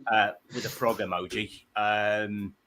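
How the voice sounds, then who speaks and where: A man hosting a comedy panel show, telling stories in an animated, self-mocking way. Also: fairly low pitch, a little slow, crowd noise. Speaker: host.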